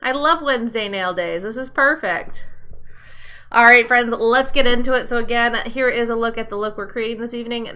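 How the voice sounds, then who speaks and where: A woman's voice: on the high side, pushed and bright. A woman hosting a live nail tutorial stream, chatting in an upbeat way and greeting viewers by name. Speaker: nail tutorial livestream host.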